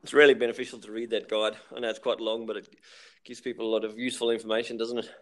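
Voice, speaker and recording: A man co-hosting a casual podcast chat, relaxed and jet-lagged, laughing easily. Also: lowish voice, very fast. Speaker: podcast co-host. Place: hotel area on a trip.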